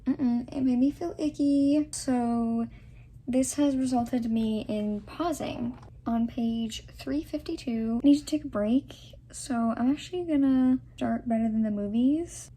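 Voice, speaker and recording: A young woman chatting casually in a reading vlog, gushing about books, sometimes dropping to soft half-whispered asides. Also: fairly high pitch, a little slow, rough recording. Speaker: book vlogger.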